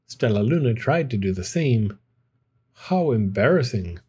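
A man reading a children's picture book aloud in a gentle, expressive storytelling manner. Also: mid-range voice, measured pace, husky.

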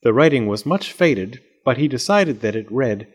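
A man narrates a picture book in a middle-pitched voice. His reading is measured, and its intonation rises and falls in a very animated way. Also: slightly rough. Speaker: storyteller. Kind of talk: storybook read-aloud.

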